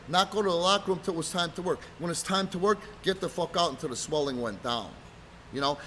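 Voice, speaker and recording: A man casually telling rough road stories from his wrestling days, swearing freely and loudly acting out what people said. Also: high voice, a little hiss or hum. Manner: profane, animated, acts out quotes loudly. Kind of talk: casual storytelling chat.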